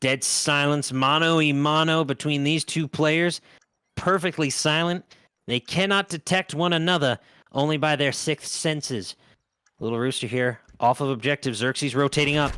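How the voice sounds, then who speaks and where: A man's voice: fairly high pitch, fairly even intonation, moderate pace, bright, forceful tone, clear, resonant tone, dry recording, studio quality. A man doing play-by-play commentary on an esports match, jokey and punning, laughing often. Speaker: esports caster.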